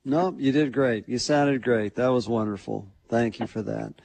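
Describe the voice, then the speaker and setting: A man's voice: mid-range voice, normal speed, creaky, a little mellow, no echo. Easygoing man co-hosting radio. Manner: encouraging, easygoing. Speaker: radio co-host. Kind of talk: casual radio chat.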